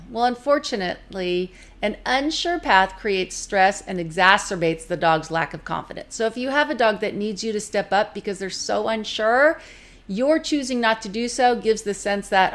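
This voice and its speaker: A lively woman instructor talks through dog handling in a casual, plain-spoken way. She moves quickly between explaining and briefly acting out what an owner or a dog might say. Her tone stays practical and direct throughout. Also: mid-range voice. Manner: lively, conversational, acts out quick voices of owners and dogs. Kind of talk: recorded teaching talk.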